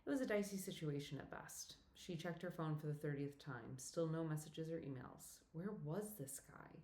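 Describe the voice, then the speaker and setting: A woman with a low voice reads a novel aloud in a steady, even way. Her narration sounds scripted and measured. The recording has a roomy echo around it. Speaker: audiobook narrator.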